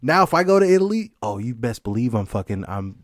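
A man's voice: mid-range voice, very animated, quick pace, no echo, studio quality. A young man chatting casually on a podcast, telling rambling, profane stories and laughing often. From Mexican heritage. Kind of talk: casual chat.

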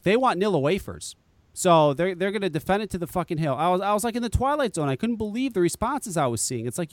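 A man's voice: high voice, no echo. A man on a podcast chatting casually and ranting in an exasperated, profane way. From Connecticut, US. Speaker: podcast co-host, vape shop owner.

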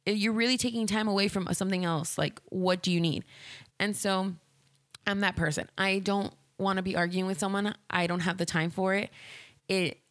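A woman's voice: medium pitch, dry recording. A woman hosting a solo podcast, telling stories in a candid, rambling way full of "like" and restarts. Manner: candid, rambling, heavy use of "like". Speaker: podcast host. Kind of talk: casual solo podcast storytelling.

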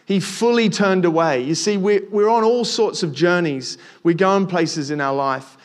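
A man's voice: high voice, measured pace. A young man preaching a casual sermon, talking to the listeners conversationally with frequent restarts and repeated words.

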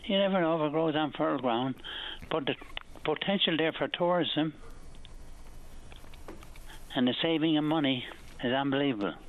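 A man's voice: fairly high pitch, normal speed, pauses often, slight background noise. Rambling old Newfoundland man on the phone. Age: 80s. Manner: rambling, storytelling. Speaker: caller. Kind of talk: phone-in call. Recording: tinny phone line.

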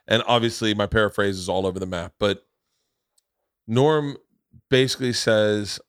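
A man hosts a loose podcast conversation. He rambles and stammers through restarts. His voice sits low, recorded close and dry. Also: moderate pace, pauses often, clear, resonant tone, dry recording. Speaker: podcast host. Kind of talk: casual chat.

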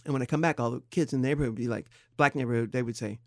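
Thoughtful halting man on a podcast. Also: no room sound, clean studio sound. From San Diego, California. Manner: thoughtful, halting, expressive swings in pitch. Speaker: podcast co-host. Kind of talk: candid casual chat.

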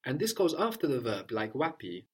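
A language teacher with a husky, medium-pitched voice and wide pitch swings speaks at a moderate pace. He prompts a learner and repeats her answers back with patient encouragement.

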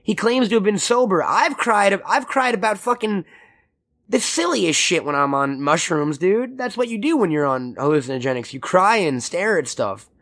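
On this audio-only podcast, recorded with a studio mic, a male co-host chats casually, jokes, swears freely and does silly voices when quoting people. He sounds high-pitched and expressive, with a moderate pace and a fairly bright tone.

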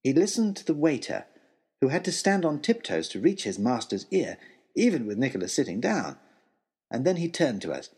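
A man narrating a children's adventure story in an expressive storytelling way. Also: medium pitch, moderate pace, slightly rough.

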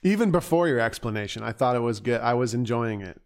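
A man's voice: mid-range voice, expressive, fast. A man co-hosting a casual show, chatting in a rambling, teasing way as he reviews a listener's bagpipe playing. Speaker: podcast co-host reviewing bagpipe submissions. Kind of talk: casual chat.

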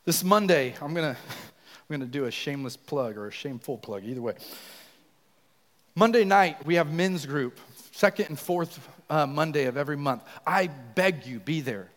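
A young man preaches with fiery passion, his voice lifting almost to a shout as he pushes his point. His tone sits a little higher than most men's, and the church hall gives every phrase a long, ringing tail. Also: expressive, normal speed. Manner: passionate, often raises voice to near shouting. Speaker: youth pastor leading worship. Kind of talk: sermon. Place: church sanctuary.

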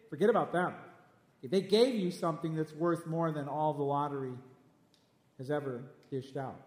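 High-voiced pastor guy preaching hard, keeps repeating himself, big echoey church sound. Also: moderate pace, darkish tone. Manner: emphatic, repeats lines, speaks straight at listeners. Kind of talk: sermon. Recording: echoey hall with long reverb.

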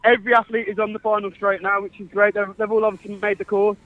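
A man teaching at a school, reporting a cross-country race live for a radio show with quick, excited commentary full of fillers. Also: high voice, no room sound. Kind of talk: live outside broadcast commentary. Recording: dull lo-fi phone-line feed.

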